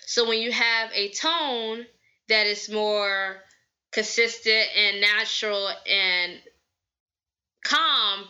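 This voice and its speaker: Bubbly bright-voiced woman podcaster. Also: mid-range voice, muffled recording. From Southern United States. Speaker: podcast host. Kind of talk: casual advice talk.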